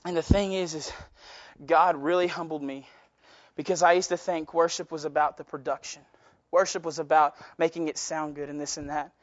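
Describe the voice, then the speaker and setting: A man's voice: fairly high pitch, steady tone, moderate pace, no room sound, dull audio. A young man preaching to a youth group as their minister, impassioned and rambling, with self-deprecating asides. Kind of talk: youth sermon.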